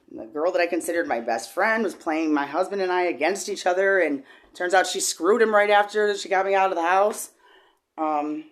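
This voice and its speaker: Halting, rambling woman with a low voice. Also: expressive. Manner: rambling, halting, with many repeated words; shifts from low and quiet to loud and high when agitated. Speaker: vlogger. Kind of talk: emotional personal testimony.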